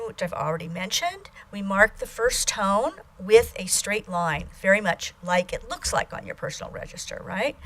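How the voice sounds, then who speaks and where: Lecturing teacher, a woman, slow and careful with fillers, sings out the example syllables. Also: mid-range voice, fairly bright tone. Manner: slow and deliberate, with uhs and ums. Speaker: language teacher. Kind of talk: recorded lecture.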